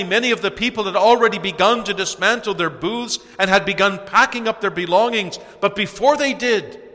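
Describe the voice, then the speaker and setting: Earnest preacher man in a reverberant hall. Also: sits high. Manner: earnest, rising to loud cries on key phrases. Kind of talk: sermon.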